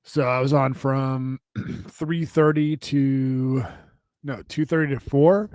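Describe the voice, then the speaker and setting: A tired man co-hosting a podcast, rambling along with lots of fillers and poking fun at himself. His mid-pitched voice comes through close and dry, with no room sound. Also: steady tone, slow, darkish tone, no echo. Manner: rambling, self-deprecating, with many fillers. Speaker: podcast co-host. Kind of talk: casual chat.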